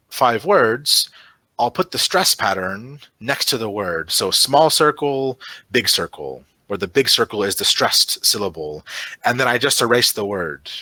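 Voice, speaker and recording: A man's voice: lowish voice, bright, forceful tone, dry recording. A man running an online teacher-training webinar, chatty, with many fillers and tag "right?" checks. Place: online video session.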